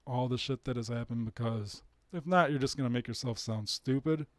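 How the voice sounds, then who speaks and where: A man's voice: medium pitch, dry recording, studio quality. A man hosting his own live stream, ranting casually and bluntly with plenty of swearing and short laughs. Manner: profane, blunt, laughing asides.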